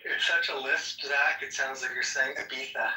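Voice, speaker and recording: A man's voice: mid-range voice, little pitch movement, moderate pace, pushed and bright, roomy sound, distant mic, poor audio. A man in casual chat, rambling with lots of fillers and casual swearing.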